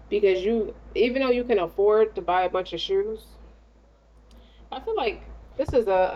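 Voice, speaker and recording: A woman's voice: medium pitch, lo-fi sound. A woman giving a casual tarot reading in a blunt, slangy, streetwise way. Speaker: tarot reader.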